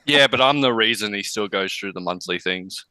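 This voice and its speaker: A man with an Australian accent, a guest on a podcast, giving relaxed, brief replies in casual chat. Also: lowish voice, moderate pace, smooth, no room sound.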